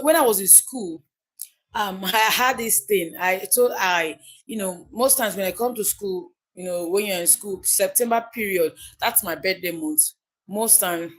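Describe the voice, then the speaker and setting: A Nigerian woman talks straight to her viewers on a live stream in a casual, chatty way. She presses her points hard and circles back to the same phrases, with a voice of middling pitch. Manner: chatty, emphatic, repeats key phrases. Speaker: livestream host. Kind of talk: casual livestream commentary.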